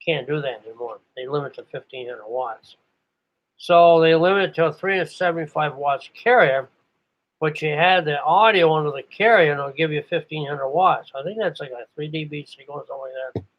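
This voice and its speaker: A man's voice: fairly high pitch, fairly quick. An older man from New England rambles through old memories with a slightly raised voice, often stopping to hunt for names. The recording sounds dull and lo-fi. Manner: meandering, searches for names aloud. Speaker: radio operator. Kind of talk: rambling reminiscence. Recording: muffled lo-fi recording.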